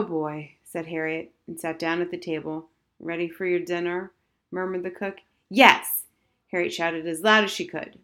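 A woman's voice: on the low side, a bit bright. A woman narrating a children's novel as scripted narration. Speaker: audiobook narrator.

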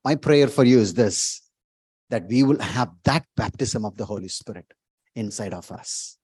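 A man preaching a sermon as pastor, emphatic, repeating words and rising to loud exclamations. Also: lowish voice, animated, normal speed, husky, no room sound.

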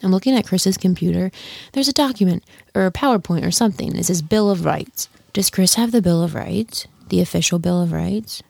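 A woman's voice: on the low side, brisk, vocal fry, darkish tone, no room sound. A young woman hosting a podcast on her own, rambling and chatty, full of self-deprecating asides. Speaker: podcast host. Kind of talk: casual solo podcast chat. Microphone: studio microphone.

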